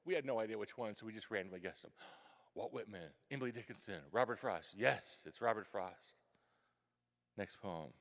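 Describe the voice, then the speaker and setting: Brief: lower-voiced man, lively storyteller at a school event, long hall reverb. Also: moderate pace. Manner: animated storyteller, acting out his younger self with gasps and whispers. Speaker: guest author speaking to a school. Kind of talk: storytelling talk to students.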